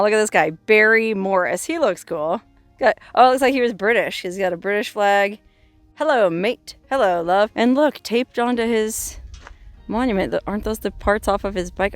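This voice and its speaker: A middle-aged woman vlogging outdoors in the open desert, chatting casually as she walks around, reading inscriptions aloud and exclaiming softly. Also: medium pitch. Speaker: vlogger exploring remote desert sites. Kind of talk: casual narrated walkabout.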